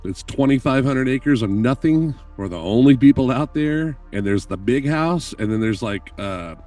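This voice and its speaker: A man telling stories on a podcast call in an animated, profane way, laughing often. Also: medium pitch, moderate pace, far from the mic, faint music behind. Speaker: guest filmmaker telling stories. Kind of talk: casual podcast chat.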